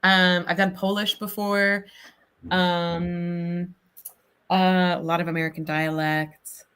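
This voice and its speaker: Woman actor from southern Ohio, bright and forceful voice, chatty livestream guest. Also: fairly low pitch, little pitch movement, smooth. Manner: chatty, talks in quick bursts with many fillers. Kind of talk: casual livestream interview.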